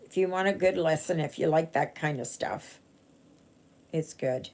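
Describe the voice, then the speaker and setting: Her voice sits low with a darkish tone and a slightly slow pace as this cross-stitch vlogger from Canada rambles through a casual live-stream chat, restarting and filling often while she stitches.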